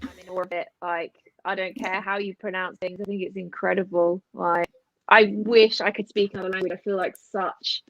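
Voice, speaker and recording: A woman's voice: mid-range voice, flat delivery, moderate pace, no room sound, muffled recording. A woman band guest chatting casually, self-deprecating and rambling with many fillers. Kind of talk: casual interview chat.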